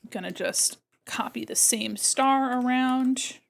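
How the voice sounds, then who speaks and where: A young woman on her art stream talks in a casual, playful way, with a slightly high voice. She chats with her viewers as she draws and speaks close to her desk microphone. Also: takes it slowly, creaky. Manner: playful, chatty, imitates her cats with squeaky noises. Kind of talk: casual livestream chat while drawing.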